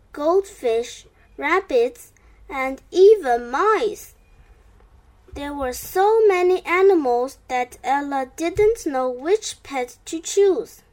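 A woman reading a children's storybook aloud as narrator, in a gentle read-aloud manner. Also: sits high.

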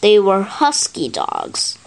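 Slow, sing-song woman reading a storybook. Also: mid-range voice, huge pitch swings, creaky. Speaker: storybook reader. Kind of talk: reading a children's picture book aloud.

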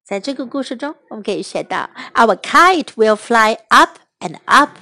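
A woman reading a children's story line by line in two languages, slow, careful and expressive. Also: a little high. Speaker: storyteller and English teacher. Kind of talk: bilingual storybook narration for children.

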